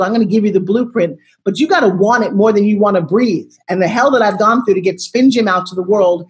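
A woman in her sixties, a motivational coach, talking bluntly and forcefully in an interview and pressing her guest with repeated questions. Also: medium pitch, fast, hardly any pauses. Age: 60s.

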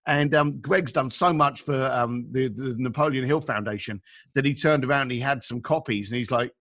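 A man telling stories as a guest in casual conversation, chatty and animated, acting out the people he quotes and using informal slang. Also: mid-range voice, moderate pace. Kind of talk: casual storytelling.

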